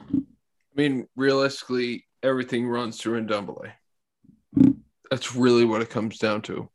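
A man's voice: mid-range voice, little pitch movement, moderate pace. A man with the hiccups, talking football bluntly and swearing in a casual chat.

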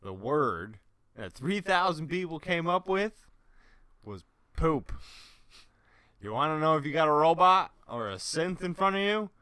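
A man in casual chat, telling a story in a deadpan way. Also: on the high side, measured pace, long pauses, clean tone, no echo.

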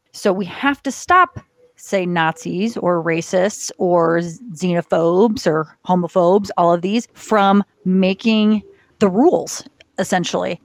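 A woman talking in a casual podcast chat, explaining ideas with earnest conviction. Her voice is recorded close and dry, with no room sound, and her pitch sits in a middle range. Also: dry recording. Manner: explanatory, earnest, with short agreements. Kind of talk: casual discussion.

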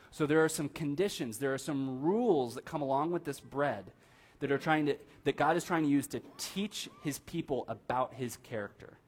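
A young man preaching in a church, talking to the congregation as if chatting with friends. He keeps checking in with them and acts out the people he quotes with lively pitch swings. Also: husky. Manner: conversational, asks the room "right?" often, animated quoting. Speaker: pastor. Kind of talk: casual sermon. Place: church sanctuary.

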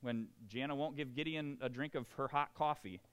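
Animated pastor preaching. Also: male voice, medium pitch, normal speed, smooth. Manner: animated, acts out quoted voices, laughs at himself. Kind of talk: sermon.

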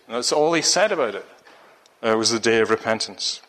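A man's voice: mid-range voice, animated, fairly quick, fairly bright tone, long reverb tail. A man preaching a sermon, rambling and restarting his sentences often. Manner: rambling, with many restarts and fillers.

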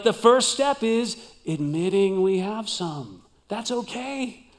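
A male pastor preaching a sermon with dramatic delivery, swinging from loud emphasis to near whispers. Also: high-pitched.

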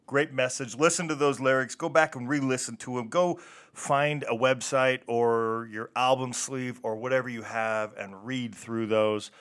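A man's voice: medium pitch, a bit bright, smooth. A man hosting a punk music radio show, talking casually between songs in a laid-back, rambling way and tripping over hard names.

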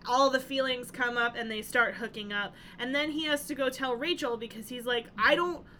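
A woman co-hosting a casual movie podcast, recounting scenes with dry, deadpan asides. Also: a little fast, slight background noise. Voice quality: short. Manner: dry, deadpan asides, drops low and quiet. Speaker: podcast co-host. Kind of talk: casual chat reviewing a movie.

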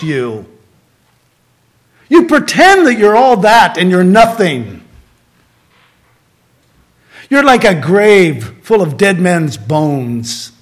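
An angry male teacher scolds his listeners in forceful outbursts, as a pastor acts him out within a sermon. The voice rides high and hard. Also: exaggerated voice.

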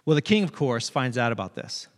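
A pastor delivering a conversational sermon, retelling a parable with animated asides. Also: male voice, mid-range voice, brisk, in a large hall. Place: church sanctuary.

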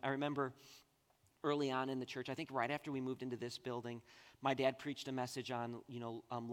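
A man in his thirties preaching a sermon as a pastor, telling stories in an animated, conversational way. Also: mid-range voice. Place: church sanctuary. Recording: long church hall reverb.

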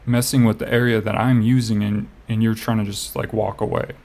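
A man chatting casually with a rough, gravelly edge to his voice. He tells a story in a loose, meandering way, padding his sentences with "like" and dropping in the odd curse. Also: fairly low pitch, level tone, fairly quick, darkish tone. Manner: rambling storyteller, heavy on "like" fillers, swears. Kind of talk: casual chat.

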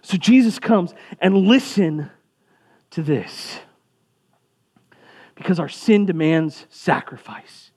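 A man's voice: high voice, expressive, slow, long pauses, darkish tone, breathy edge. A young man preaching a sermon as pastor, in a conversational way with casual asides.

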